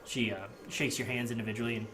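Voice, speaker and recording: A man's voice: medium pitch, level tone, quick pace, noisy background. A young man narrating a tabletop game as game master, loose and rambling with frequent fillers.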